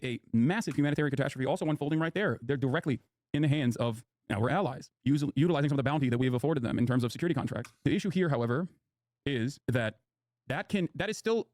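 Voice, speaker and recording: Fast-talking sarcastic streamer man. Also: medium pitch, darkish tone, no room sound, studio quality. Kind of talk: casual live commentary while gaming.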